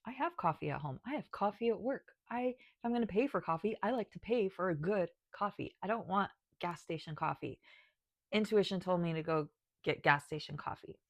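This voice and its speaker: This spiritual guide and video maker, fighting back tears, shares her spiritual path on camera, sighing, choking up and beginning sentences again. Her fairly low voice moves fairly quickly. The sound is dry and clean, studio-grade.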